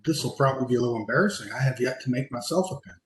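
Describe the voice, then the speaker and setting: A man who makes pens speaking modestly and haltingly on a video call panel. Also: medium pitch. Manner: modest, halting, with many restarts. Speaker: penmaker panelist. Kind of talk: casual panel discussion. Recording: echoey room.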